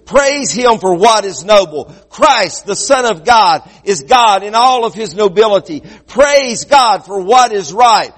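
A man preaching a sermon as pastor, swinging between loud quick bursts and low slow passages. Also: lively intonation, big-room sound.

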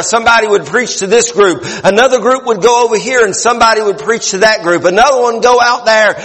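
A man preaches in a high voice, earnest and often repeating himself for emphasis. His sermon carries a long reverb from the hall around him. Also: a bit bright. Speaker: pastor.

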